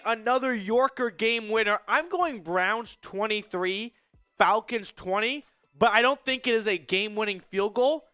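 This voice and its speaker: A young male host with a high, bright voice, made nasal and stuffy by a cold. He chats upbeat with his live viewers, his delivery crisp and close-miked in a dry room with faint music behind. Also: no room sound. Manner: upbeat, chatty, shouts out viewers. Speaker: sports show host. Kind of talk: live-stream sports talk.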